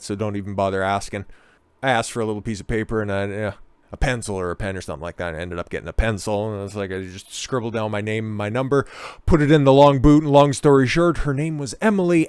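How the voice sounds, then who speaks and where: A man's voice: medium pitch, clean tone, no echo. A man giving crude, profane, rambling commentary and stories, often tagging his sentences with "okay?". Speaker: online commentator. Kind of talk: ranting commentary and storytelling.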